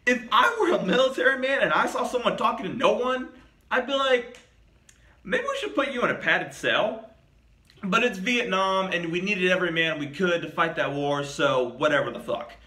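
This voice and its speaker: A man rambles through a casual game review, swearing freely and circling back on himself. His voice sits high and sounds bright and sharp. The room around him is echoey. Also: lively intonation, brisk. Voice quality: profane, rambling.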